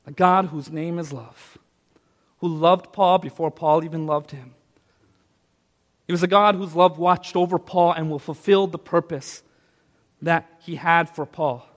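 High-pitched guy preaching, goes quiet then big and loud, long hall echo. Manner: dynamic preaching, swinging from soft to loud. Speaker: pastor. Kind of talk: sermon.

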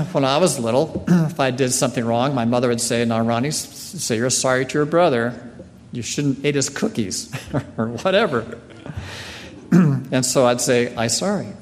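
A man giving a sermon in a slow, earnest way, often clearing his throat. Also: mid-range voice. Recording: long hall reverb.

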